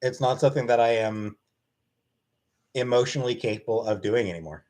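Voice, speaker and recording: A man's voice: medium pitch, a little fast, darkish tone. A man casually answering questions from his live-stream chat in a blunt, offhand way.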